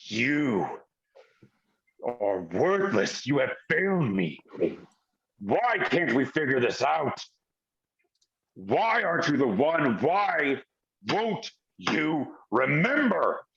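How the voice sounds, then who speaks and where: Man doing a ruthless tabletop villain yelling threats at an underling; dull, lo-fi recording. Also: medium pitch, sing-song, drawn-out words, vocal fry, long pauses, full character voice. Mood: furious. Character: angry ruthless male villain scolding an underling.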